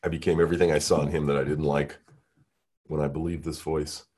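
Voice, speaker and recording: A man leading an interactive workshop, energetic and coaxing, who keeps firing questions at the group. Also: very deep voice, fast talker, husky. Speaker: workshop leader.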